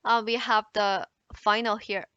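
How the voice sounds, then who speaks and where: A woman with a Mandarin Chinese accent teaching an introductory language lesson, explaining slowly and exaggerating tones in her examples. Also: medium pitch, flat delivery, bright, forceful tone, smooth, dry recording, dull audio. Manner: slow, careful explanation, exaggerating tone contours in examples.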